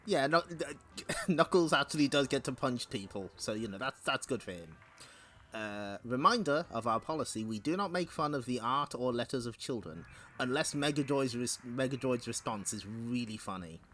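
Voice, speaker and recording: A man's voice: mid-range voice, animated, normal speed, a bit bright, soft background music. A man hosting a live-stream comic read-along, chatting casually with frequent laughter and playful asides. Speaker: streamer reading comics aloud.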